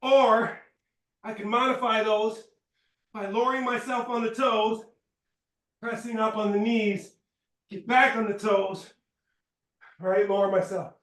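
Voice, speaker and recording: A man with a high voice leads a workout class, calling out short cues and counting reps at an unhurried pace. He is out of breath at times. The room around him rings with echo. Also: far from the mic. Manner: instructive, counts reps aloud, brief cues. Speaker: fitness instructor. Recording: roomy echo.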